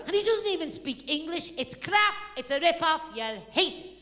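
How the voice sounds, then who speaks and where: A woman voicing a chatty, glamorous hairdresser who is blunt and scornful, with a loud, sing-song, gossipy delivery. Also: very high-pitched, animated, moderate pace, long reverb tail, pitched above the performer's own voice, full character voice. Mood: scornful chatter.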